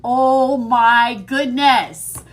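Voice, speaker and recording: A woman in her fifties hosts a casual TikTok livestream, bubbly and giddy, laughing often and poking fun at herself as she chats with viewers. Her fairly high voice is steady in tone and very slow.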